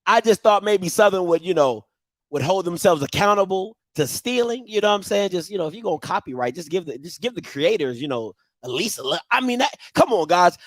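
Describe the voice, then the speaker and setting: A man hosting a live talk show, his voice sitting high and leaping all over the place. He talks in emphatic, slangy bursts of casual banter. The sound is close and dry, with no room echo. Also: very animated, brisk, a bit bright. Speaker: show host. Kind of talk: casual on-air rant.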